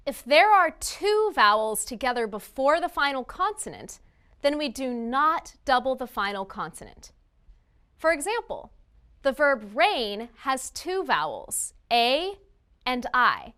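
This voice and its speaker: Female English teacher, slow and bright, reads a scripted lesson with deliberate word drills. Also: sits high.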